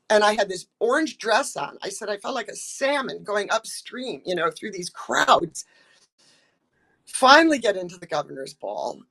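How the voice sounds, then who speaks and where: This older American actress has a mid-range, somewhat bright voice. In a relaxed interview she chats her way through stories, peppered with ums and restarts, acting out the quoted lines.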